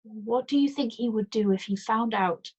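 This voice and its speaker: A woman voicing an anxious, frightened grown woman who hesitates and falters, her voice turning shrill. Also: normal speed, darkish tone, breathy edge, dull audio. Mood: faltering.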